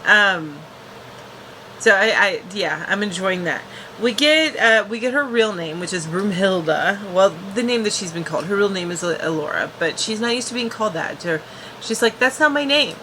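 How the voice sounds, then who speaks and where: Bright-voiced chatty woman reviewer. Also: medium pitch, lively intonation, normal speed, a little hiss or hum, low-quality recording. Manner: chatty, restarts and fillers. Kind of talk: casual episode recap.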